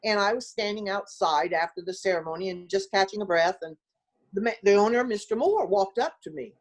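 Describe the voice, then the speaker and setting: A woman's voice: mid-range voice, brisk. An older woman telling stories in a casual interview, acting out what people said and laughing as she goes. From small-town United States. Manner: animated storyteller who acts out quoted voices and laughs often. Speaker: former basketball player, interview guest.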